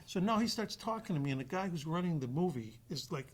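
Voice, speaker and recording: A man telling a story in a casual podcast chat, animated and often restarting his sentences. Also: a little high, fast, a little hiss or hum. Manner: animated, acts out quoted voices, trails off and restarts.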